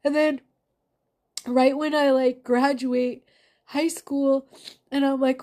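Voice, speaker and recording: A woman's voice: high voice, fairly even intonation, measured pace, dark tone. Angry, raw-voiced woman venting. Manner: raw, emotional, swearing. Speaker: vlogger. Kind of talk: confessional monologue.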